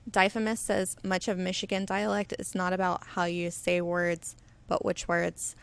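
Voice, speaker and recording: A woman with a low voice and a gravelly edge hosts a live painting stream. She talks in a loose, rambling way and reads comments from viewers aloud as she works. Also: completely flat delivery, normal speed, no echo. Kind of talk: casual chat while demonstrating. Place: indoor studio under flood lighting. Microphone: webcam on auto settings.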